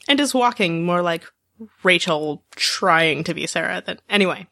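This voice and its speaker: A woman's voice: fairly low pitch, animated, moderate pace, gravelly, sharp tone, no room sound, clean studio sound. Woman co-host reading listener mail. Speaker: podcast co-host.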